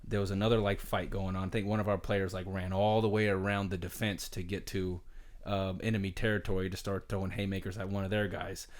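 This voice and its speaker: A man co-hosting a podcast, telling a long rambling story in a casual, animated way with lots of fillers. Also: low voice, a little fast. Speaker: podcast co-host, retired pro baseball player.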